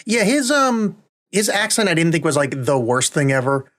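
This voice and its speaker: A man co-hosting a podcast in casual chat, blunt and profane and quick to joke. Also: a little high, very animated, a bit bright. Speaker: podcast co-host.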